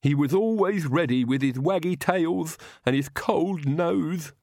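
A man voicing a big, gruff castle servant who talks slowly in a thick, sorrowful voice. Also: medium pitch, no room sound, studio quality, pitched above the performer's own voice, close to an everyday voice. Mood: mournful.

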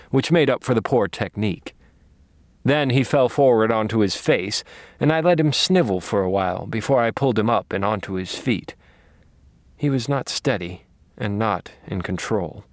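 Calm, menacing low-voiced male narrator. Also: no room sound. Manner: calm, measured, quietly menacing. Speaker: audiobook narrator. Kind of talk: first-person thriller narration.

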